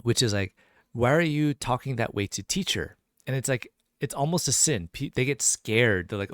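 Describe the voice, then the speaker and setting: A man's voice: medium pitch, lively intonation, moderate pace, a bit bright, no echo, studio quality. A man teaching a casual live-streamed language lesson, chatting loosely and answering viewer questions as they come in. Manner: casual, chatty, reads chat questions aloud.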